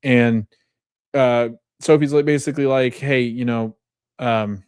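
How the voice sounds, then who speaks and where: A man's voice: mid-range voice, fairly even intonation, unhurried, darkish tone, smooth, no room sound, clean studio sound. A man hosting a podcast, retelling a TV episode in a casual, rambling way and often correcting himself. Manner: rambling, self-correcting, chuckles while retelling scenes. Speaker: podcast host.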